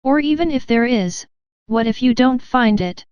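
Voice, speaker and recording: A woman's voice: fairly high pitch, animated, moderate pace, darkish tone, smooth, no room sound, dull audio, close to an everyday voice. A woman reading as Hem, a stubborn little man. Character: stubborn fearful little man clinging to routine.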